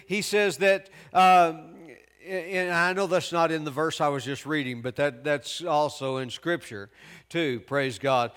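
A man preaching a sermon in a fairly high voice, taking his time over every phrase. He presses his points with repetition and sudden emphasis, breaking in again and again with "praise God". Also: a bit bright. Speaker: pastor. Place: church sermon delivered to a remote audience.

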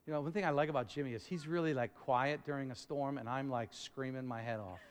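A middle-aged man preaching a sermon, rambling and repeating words, then building up to shouting. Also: mid-range voice, fast. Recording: long reverb of a large hall.

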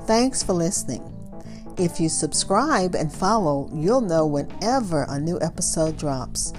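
A woman's voice: low-pitched, lively intonation, unhurried, darkish tone, soft background music. A woman hosting a daily podcast, teaching on a Bible passage in a conversational way with fillers and asides. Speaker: podcast host.

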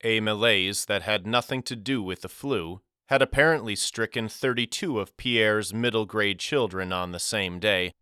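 A man narrating a first-person audiobook story in a wry, measured storytelling manner. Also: on the low side, pushed and bright, clean tone, no echo, clean studio sound.

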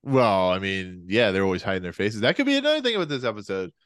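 A man's voice: on the low side, sing-song, quick pace, a bit bright, smooth, no echo, studio quality. A man co-hosting a podcast in casual chat, rambling and restarting his sentences. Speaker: podcast co-host.

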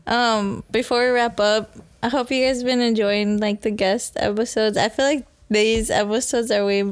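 A woman's voice: on the high side, steady tone, moderate pace. Chatty young woman podcast host. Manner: chatty, storytelling, drops into Spanish. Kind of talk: casual chat.

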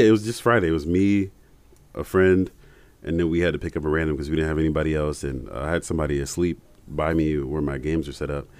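Man, very low voice, casual podcast chat, rambling, laughs a lot. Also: dry recording. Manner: rambling, laughs often, animated when retelling stories. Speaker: podcast co-host.

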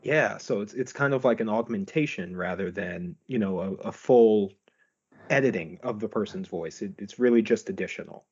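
A man interviewing a guest, asking relaxed, curious questions. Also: lowish voice, normal speed, husky. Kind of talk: podcast interview. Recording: dull lo-fi audio.

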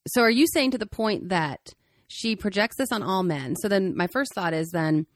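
A woman's voice: mid-range voice, normal speed, no echo, clean studio sound. A woman co-hosting a podcast, asking thoughtful, probing questions. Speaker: podcast co-host. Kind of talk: podcast conversation.

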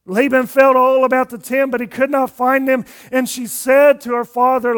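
High-voiced preacher acting out scripture. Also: male voice, little pitch movement, moderate pace, few pauses, clear, resonant tone. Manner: retells scripture with dramatic voices, dropping to a quiet, low finish. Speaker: pastor. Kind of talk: expository sermon.

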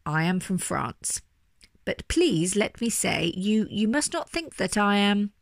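A woman doing a polite, gentle toy bear. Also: mid-range voice, sing-song, slow, vocal fry, no room sound, clean studio sound, exaggerated voice. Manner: formal, courteous.

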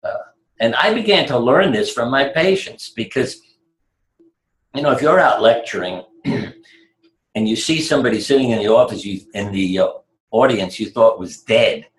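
A man's voice: medium pitch, expressive, moderate pace. Older man telling wry stories, echoey. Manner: chatty, wry, chuckles at his own stories. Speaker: guest, retired surgeon. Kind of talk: anecdotal interview storytelling.

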